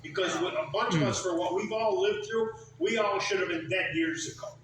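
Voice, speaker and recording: A man in his seventies in casual group conversation, telling lively anecdotes about farm life. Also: high voice, fairly quick. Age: 70s. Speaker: group member. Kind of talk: casual storytelling. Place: community center meeting room. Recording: echoey room from far off, faint noise.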